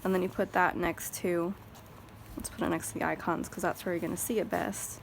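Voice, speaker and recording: A woman's voice: lowish voice, level tone, a little fast, creaky, slight background noise. A woman with a Texan accent, chatting casually and rambling as she thinks aloud at her planner desk at home. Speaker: planner vlogger. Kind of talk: casual chat. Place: home craft desk with a fan running.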